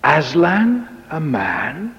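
A man's voice: on the high side, sing-song, slow, a little mellow. A man voicing a stern, earnest male beaver from a storybook read aloud, on a dull recording with a long echo. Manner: stern, emphatic. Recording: dull lo-fi tape in echoey hall.

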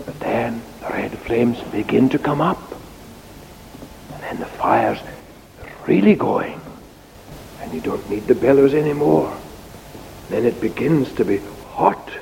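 A man preaching a children's sermon, telling a story in an animated, sing-song way. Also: medium pitch, measured pace, gravelly, long pauses, long reverb tail, a little hiss or hum, rough recording. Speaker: preacher giving a children's talk.

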